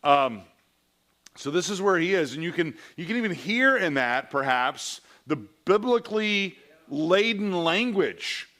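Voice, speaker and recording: Man teaching Sunday School, slightly high voice. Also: lively intonation, normal speed, bright, forceful tone. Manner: conversational, checks in with the class by asking "all right?"; reads long passages aloud, then explains them. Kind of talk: church teaching lesson. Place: church classroom.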